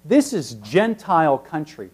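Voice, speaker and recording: A man preaching an expository sermon, teacherly, with emphatic peaks that drop to very soft passages. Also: fairly high pitch, wildly swooping pitch, a little slow, husky.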